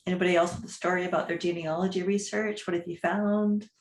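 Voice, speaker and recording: Woman moderator, animated anecdote, roomy echo. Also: fairly low pitch, quick pace, a little hiss or hum. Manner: animated, laughing storyteller. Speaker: discussion moderator. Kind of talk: casual group discussion. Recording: echoey room.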